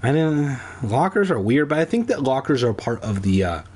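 Husky man with a sarcastic, lively delivery. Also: medium pitch, normal speed. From Southern California. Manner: sarcastic, rambling. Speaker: host reading a children's horror book aloud. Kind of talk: comic reading with crude asides.

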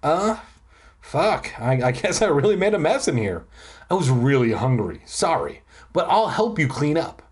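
A reader voicing a friendly, lonely invisible twelve-year-old boy who talks in a quick, easygoing way. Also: medium pitch, sing-song, lightly acted. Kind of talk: audiobook reading.

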